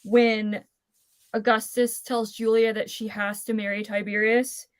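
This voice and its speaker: A woman's voice: on the high side, little pitch movement, unhurried, no room sound. A woman on a casual book club panel, speaking hesitantly with fillers and repeated words.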